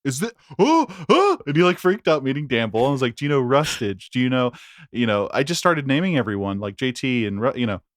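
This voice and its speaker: A man's voice: mid-range voice, animated, fast, dry recording, clean studio sound. A young man co-hosting a podcast, telling stories in a rambling, laughing, casual chat. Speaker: podcast co-host.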